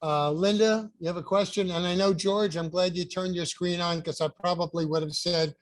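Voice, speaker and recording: A casual male host guides a group video call with short prompts. His voice is high for a man, and the recording is dry with no room echo. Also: steady tone, moderate pace, hardly any pauses.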